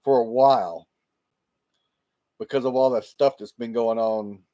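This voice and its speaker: A livestreamer talks casually with his viewers on a laptop microphone, wandering from topic to topic and laughing often. His mid-range voice is warm, fairly even in intonation, and a little slow.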